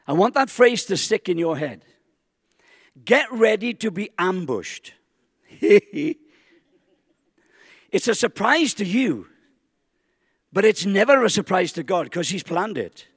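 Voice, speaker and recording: High-voiced man preaching in a big hall. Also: sing-song, husky, clean studio sound. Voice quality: emphatic, rising to exclamations, dramatic slow stresses. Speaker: pastor. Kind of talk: sermon. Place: large church hall. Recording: long hall reverb.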